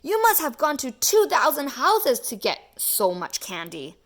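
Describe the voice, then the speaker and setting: A woman voicing a gruff, blunt male police officer in a read-aloud picture book, talking in a brusque, no-nonsense way. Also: sits high, wildly swooping pitch, measured pace, voice pushed up, heavily acted. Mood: puzzled.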